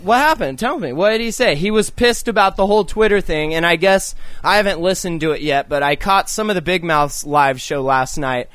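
A man's voice: high-pitched, lively intonation, a little fast, few pauses, a bit bright, dry recording. A young man co-hosting a podcast, talking casually in a blunt, profane, rambling way full of "like". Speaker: podcast co-host. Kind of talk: casual chat.

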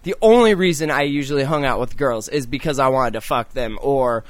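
A man's voice: medium pitch, brisk, dry recording. A young man co-hosting a podcast, talking casually in a blunt, profane, rambling way full of "like". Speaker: podcast co-host. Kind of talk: casual chat.

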